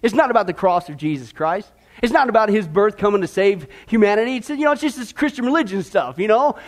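A man preaching a sermon fervently, dropping low for emphasis and rising into excited runs. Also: fast. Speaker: pastor.

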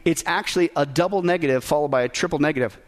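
A man's voice: on the high side, rapid-fire. A man preaching a sermon as pastor, emphatic, asking the congregation rhetorical questions.

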